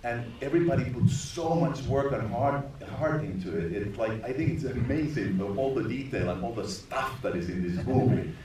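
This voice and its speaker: A middle-aged man from Finland, a film director telling stories at a screening Q&A, animated and laughing often. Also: mid-range voice, normal speed, hardly any pauses. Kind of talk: live anecdote on stage. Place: large echoey cinema hall. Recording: distant, echoey theater recording with noise.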